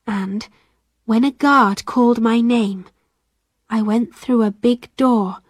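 Woman, audiobook narration, very slow, slightly high voice, careful reading. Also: darkish tone, no room sound, studio quality.

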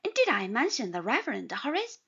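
A woman's voice: a little high, huge pitch swings, a little fast, a bit bright, husky, heavily acted. A woman voicing an earnest, chatty young married man who drops into confidential tones, on slightly dull audio. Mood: eager. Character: cheerful young man, newly married lawyer.

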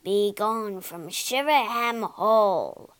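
A woman voicing an indignant male ghost who manages a haunted hotel, low and solemn. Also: drawn-out words, clean tone. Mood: stern.

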